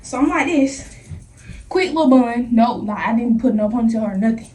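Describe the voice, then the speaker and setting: A young woman in a casual storytime vlog, animated and slangy, acting out the scenes as she talks. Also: fairly high pitch, normal speed. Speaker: vlogger. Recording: echoey room, voice from a distance.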